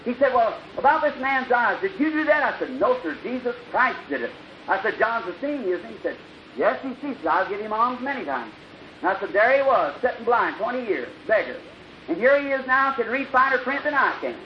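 A man preaching an old-time revival sermon, telling a story and acting out the dialogue, swinging from loud bursts to hushed lines. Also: very high voice, big pitch swings, fairly quick. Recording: dull lo-fi archival recording with hiss.

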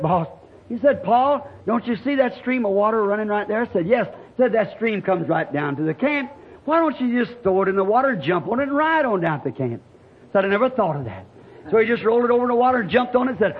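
Man, high voice, revival preacher, folksy storytelling, shouting climaxes, muffled old tape. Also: animated, a little fast, slightly rough. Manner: rising to shouting climaxes, folksy rural speech. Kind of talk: fiery revival sermon with storytelling. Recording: dull lo-fi archival tape with faint hiss.

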